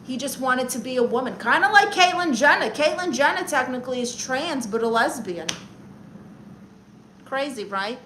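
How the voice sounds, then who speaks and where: A woman performs a brash, boastful aunt who has named herself a therapist, firing off sassy comebacks as she reads livestream chat aloud. The character's voice is bright, pointed and a little high, animated at a moderate pace, on a low-quality recording with some hiss or hum.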